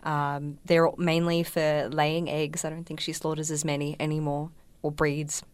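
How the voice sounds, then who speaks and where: A young woman chatting softly and slowly in a thoughtful way. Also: sits low, flat delivery, clear, resonant tone, dry recording. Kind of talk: casual chat.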